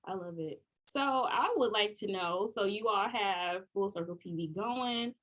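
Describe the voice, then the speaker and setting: A woman co-hosting a podcast in casual chat, lively, laughing often and filling her talk with "like". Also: medium pitch, measured pace. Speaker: podcast co-host.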